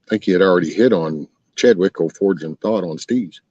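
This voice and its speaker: Here a low-pitched, slightly mellow Texas host moves along briskly as he answers his live stream chat. He rambles in a folksy way, and the dull lo-fi stream audio carries no room sound.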